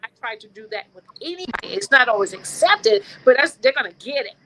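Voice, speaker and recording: A woman hosting a talk show, telling personal stories in an animated, preacher-like way. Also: high-pitched, quick pace, crowd noise, rough recording. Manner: animated storytelling, preacher-like affirmations. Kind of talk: casual conversation.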